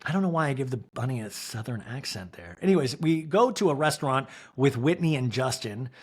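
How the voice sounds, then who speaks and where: A man from Kansas hosting a podcast, recapping a reality TV episode in casual, animated talk and acting out the cast members' lines in mock voices. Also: mid-range voice, brisk, husky. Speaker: podcast host.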